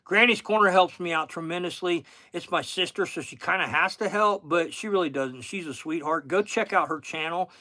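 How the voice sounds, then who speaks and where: A man's voice: a little high, normal speed, hardly any pauses, pushed and bright, no echo. A middle-aged man with a Southern accent, a fishing guide hosting a casual livestream, chatting in a rambling way and thanking viewers by name.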